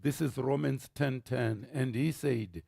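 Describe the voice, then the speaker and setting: A man with a Zimbabwean accent preaching a sermon as pastor, telling stories with animated energy and rising to shouts. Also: mid-range voice, takes it slowly, gravelly, slightly rough, no room sound, studio quality. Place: church.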